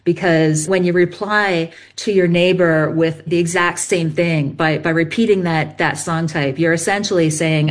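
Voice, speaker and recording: A woman's voice: low voice, steady tone, moderate pace, hardly any pauses. A woman researcher patiently explaining bird behavior step by step in an interview. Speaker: bird song researcher guest.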